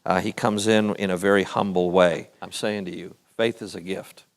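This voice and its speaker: A man's voice: low-pitched, fairly even intonation, normal speed. A man hosting a church talk-show segment and preaching, joking and putting on voices in his stories. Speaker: pastor and show host. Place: church event stage.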